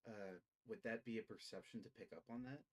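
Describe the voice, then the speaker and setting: A man narrating as game master in a tabletop game, animated and swearing freely. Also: on the low side, brisk, slight background noise, rough recording.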